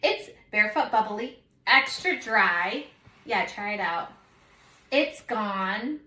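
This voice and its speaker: A woman co-hosting a podcast in casual chat, animated and excitable as she tells stories. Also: medium pitch, slow. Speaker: podcast co-host. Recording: roomy echo.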